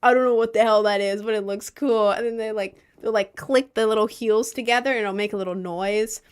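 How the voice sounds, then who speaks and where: A woman's voice: mid-range voice, fairly even intonation, fairly quick, clean tone. A young woman chatting casually on a vlog, rambling and unsure of herself, with lots of fillers and restarts. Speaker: vlogger.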